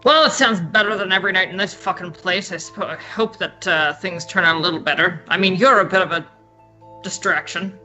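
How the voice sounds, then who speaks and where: A woman's voice: lowish voice, brisk, pushed and bright, faint music behind, rough recording. A woman voicing a bored, grumpy man in a tabletop game, sour and swearing.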